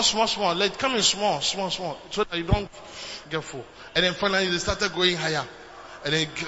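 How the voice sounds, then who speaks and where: A man delivers a sermon in a high voice that swings from low, quiet talk to loud shouted exhortation. The recording is muffled and lo-fi, with clear noise behind him. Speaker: preacher. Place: church hall. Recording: dull lo-fi recording with background noise.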